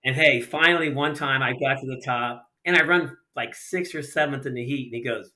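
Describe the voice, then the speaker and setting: With a mid-range voice, a fairly quick pace, and few pauses, this middle-aged Ohio man, a retired sprint car racer, spins lively podcast anecdotes, playing out everyone's lines and using casual slang.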